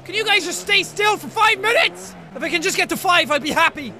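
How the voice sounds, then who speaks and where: A young man giving loud, excitable gameplay commentary with frequent shouting outbursts. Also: very high voice, brisk, slight background noise. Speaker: gaming video host. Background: game music.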